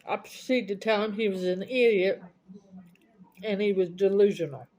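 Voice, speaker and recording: A woman's voice: medium pitch, normal speed, a little mellow. A woman with a Southern US accent, chatting casually as a vlogger and bluntly retelling an argument, quoting both sides. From United States. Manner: blunt, indignant, retells arguments with quoted dialogue. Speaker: mukbang vlogger. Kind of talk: casual storytelling chat.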